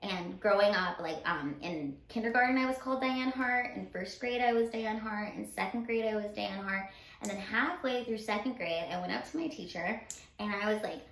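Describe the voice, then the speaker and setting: A woman co-hosting a casual chat, friendly and quick to laugh. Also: mid-range voice, fairly bright tone. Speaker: podcast co-host. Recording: echoey room.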